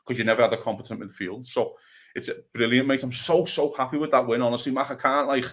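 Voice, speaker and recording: Scouse male co-host, passionate, sweary, casual football chat, mid-pitched. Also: fairly even intonation, fast, a bit bright. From Liverpool, England. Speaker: podcast co-host.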